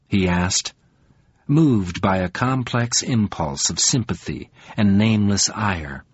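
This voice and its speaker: A man narrating an audiobook in a measured, deliberate reading. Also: on the low side, animated, slightly rough, no room sound. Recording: dull, lo-fi sound.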